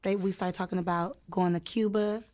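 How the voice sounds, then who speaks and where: A young woman recounting a night out in a loose, casual way. She is animated, jumping into the voices of the people she quotes and then dropping back to her plain storytelling. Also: mid-range voice, a little fast. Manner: animated, acts out quotes with sudden loud jumps. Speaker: storyteller in a clip.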